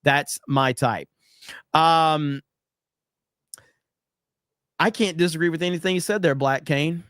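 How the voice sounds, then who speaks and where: A man's voice: fairly high pitch, takes it slowly, pauses often, fairly bright tone, clear, resonant tone, no echo, clean studio sound. A man hosting a casual livestream, reading viewer chats aloud and reacting in a loose, profane way with frequent laughter.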